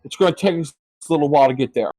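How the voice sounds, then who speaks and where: A man voicing a brisk, commanding male ally in a tabletop game. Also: fairly high pitch, dark tone, no room sound, natural voice, low-quality recording.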